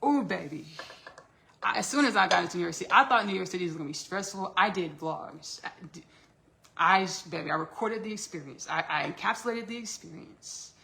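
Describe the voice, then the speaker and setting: A woman's voice: lowish voice, fast, vocal fry, pushed and bright. A woman from Texas chatting on a casual live stream while cooking in her home kitchen, calling her listeners "baby" and laughing often.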